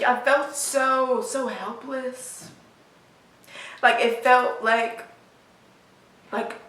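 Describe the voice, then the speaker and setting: A woman of about twenty, telling a personal story in a halting, emotional way full of fillers, recorded in her apartment. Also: on the high side, a bit bright, recorded from a distance. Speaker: vlogger. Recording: roomy sound, voice from off the mic.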